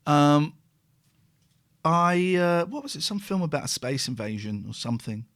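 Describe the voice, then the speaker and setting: A middle-aged man, hosting a casual chat and talking in an animated, exclamatory way with plenty of swearing. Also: on the high side, moderate pace. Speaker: host.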